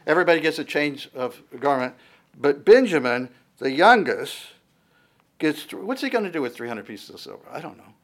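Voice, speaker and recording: A man's voice: on the high side, sing-song, brisk. A man preaching a sermon, reading verses aloud and explaining them in a conversational, searching way, his voice rising on the quoted lines. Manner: reads verses aloud then comments in a conversational tone, with restarts.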